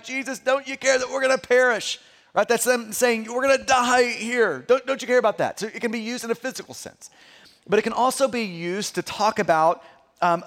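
High-voiced earnest male pastor preaching. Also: fairly bright tone, big-room sound. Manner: earnest, repeats words when stressing a point. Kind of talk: sermon.

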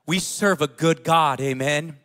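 Male pastor, thirties, high-pitched voice, casual conversational sermon that moves between quiet and loud. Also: unhurried. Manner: casual storytelling with fillers, swinging between hushed and loud.

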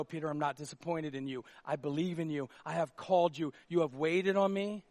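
A man preaching with a slightly raised pitch, passionate and personal. He swings from loud urgency to quiet confession. The sound is dry and close. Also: dry recording. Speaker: pastor. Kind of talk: sermon.

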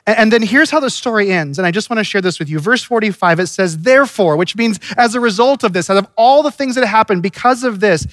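A man's voice: sits high, lively intonation, fast, few pauses, fairly bright tone, dry recording, clean studio sound. A man preaching a sermon in an earnest, conversational way, often restarting his sentences. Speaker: pastor.

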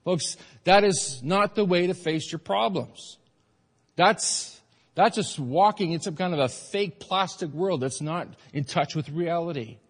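A man's voice: high voice, a little slow. Emphatic male pastor preaching in a hall. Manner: earnest, emphatic preaching with repeated phrases. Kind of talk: sermon. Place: church sanctuary.

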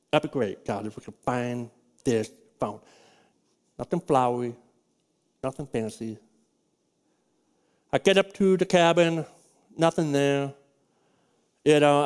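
A man's voice: mid-range voice, a little mellow. A middle-aged male pastor telling a personal story in a sermon, folksy and rambling, with frequent restarts.

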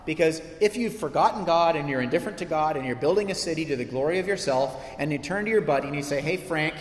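A man preaching a sermon as pastor, animated and conversational, with frequent asides to his listeners. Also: on the high side, fast. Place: church sanctuary. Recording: echoey church hall.

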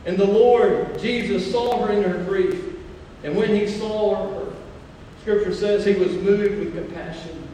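Male pastor, sermon, high voice, slows down on key phrases, big echoing church hall, recorded from far off. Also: fairly even intonation, mellow, slight background noise. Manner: mixes scripture with personal family stories. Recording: echoey hall, mic far off.

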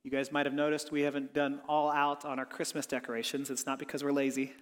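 A pastor preaching a sermon with earnest feeling, dropping soft on reflective lines and rising when he voices pleading prayers. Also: mid-range voice, completely flat delivery, quick pace. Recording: long hall reverb.

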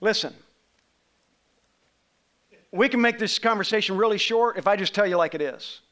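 Bright, high-voiced preacher man telling a story. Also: normal speed. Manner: conversational storytelling, asks congregation members questions. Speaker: pastor. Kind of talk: sermon with personal story.

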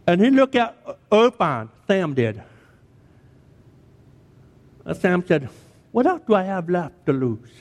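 A man preaching a sermon as a pastor, dramatic and emphatic, repeating key words for effect. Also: high-pitched. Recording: long hall reverb.

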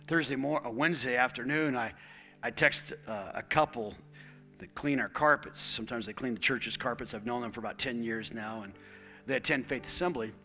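A middle-aged man preaching a sermon in a church, swinging from loud, rising declarations to hushed, near-whispered lines and repeating key phrases for emphasis. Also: medium pitch, a little fast, long reverb tail, faint music behind. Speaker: pastor. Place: church sanctuary.

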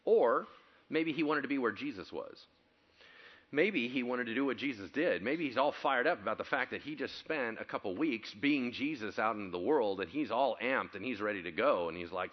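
Animated preaching pastor, muffled recording. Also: male voice, medium pitch, normal speed. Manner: animated storyteller, acts out quotes, climbs to loud excited preaching. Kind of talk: sermon.

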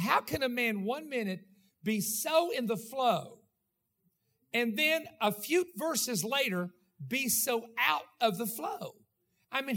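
A pastor with a high, bright, forceful voice preaches in a rhythmic cadence. He keeps checking in with the congregation as he hammers each point home.

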